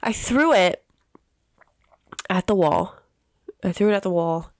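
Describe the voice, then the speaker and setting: A woman in her thirties, a podcast host telling a personal story in an emotional, halting way with many restarts. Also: fairly low pitch, animated, no echo, studio quality. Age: 30s.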